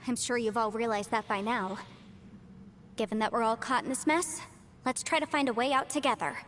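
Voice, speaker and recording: A woman's voice: on the high side, fairly even intonation, fairly bright tone, a little hiss or hum, lightly acted. A woman voicing a composed legal adviser. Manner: measured, formal.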